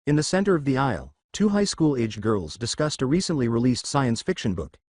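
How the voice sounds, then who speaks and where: A man reading fan fiction aloud in a steady, measured way, though his pitch moves around a lot. The sound is dry and close to the mic. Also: no echo. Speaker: narrator. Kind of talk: fanfiction story narration.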